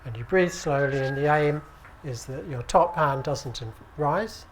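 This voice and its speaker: A British man teaching at an acupuncture conference, speaking in a relaxed, conversational way and often checking with the audience. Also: fairly high pitch, unhurried, slight background noise. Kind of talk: conference lecture. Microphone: handheld microphone.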